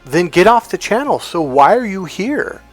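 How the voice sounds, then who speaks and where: A man's voice: high-pitched, very animated, normal speed, soft background music. A man who coaches on relationships, giving a blunt, emphatic vlog rant and swearing freely.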